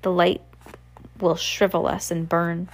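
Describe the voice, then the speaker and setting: A woman reading aloud and voicing sorrowful ghost children who speak slowly and mournfully. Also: fairly low pitch, little pitch movement, slight background noise, natural voice. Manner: slow, mournful, drawn-out. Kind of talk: audiobook reading.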